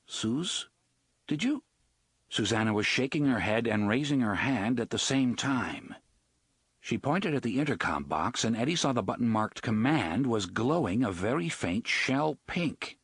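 Male audiobook narrator, husky, lively intonation, dry close studio sound. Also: mid-range voice, moderate pace, no room sound. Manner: expressive, dramatic storytelling. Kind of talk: scripted narration.

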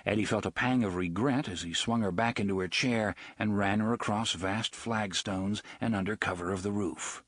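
Husky low-voiced male audiobook narrator. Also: normal speed, hardly any pauses, a bit bright, no echo, studio quality.

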